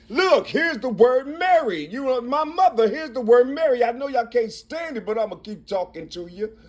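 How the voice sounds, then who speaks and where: Guy with a pretty high voice rambling into his own recording, keeps going "you see?", stumbles and restarts a lot. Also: animated. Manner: working through numbers and letters aloud, halting restarts. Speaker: self-recording monologuist. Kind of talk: rambling spoken monologue. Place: Cincinnati, Ohio.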